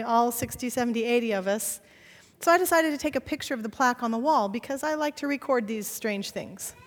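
Woman pastor, high voice, lively sermon storyteller, church reverb. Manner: animated storytelling, acting out dialogue. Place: church sanctuary. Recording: long church hall reverb.

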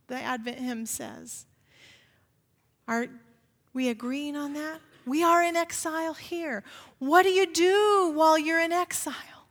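A woman pastor delivers a conversational sermon in a reverberant church sanctuary, frequently asking the congregation rhetorical questions. Her voice sits high, unhurried and fairly bright.

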